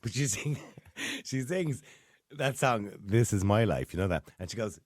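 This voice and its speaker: A man's voice: on the low side, lively intonation, measured pace, no room sound, studio quality. A man hosting a radio show, jokey and teasing, laughing often in casual chat. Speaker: radio host.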